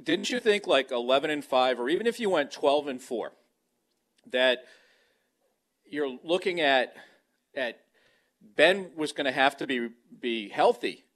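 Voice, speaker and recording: This mid-range male voice is animated and a bit bright, moving at a measured pace with frequent pauses. Speaking into a handheld microphone at home next to the kitchen, he rambles through casual football talk as a sports radio guest, restarting many times.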